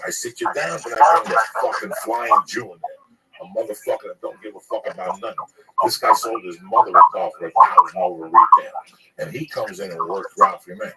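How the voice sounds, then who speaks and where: Brash, fast-talking profane man. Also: over a noisy crowd, poor audio. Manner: brash, profane, acts out sales pitches. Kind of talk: casual profane storytelling.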